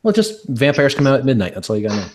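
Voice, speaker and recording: A man co-hosting a casual stream chat, excitable and swearing, often repeating words as he talks. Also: mid-range voice, very fast, slight background noise. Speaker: podcast co-host.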